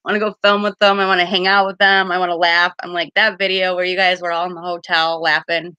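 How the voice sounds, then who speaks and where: Low-voiced woman card reader on a live stream, giggly, lots of likes and you knows. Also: level tone, quick pace, bright, forceful tone, clear, resonant tone, no room sound. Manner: giggly, chatty, with lots of fillers. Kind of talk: casual live-stream chat.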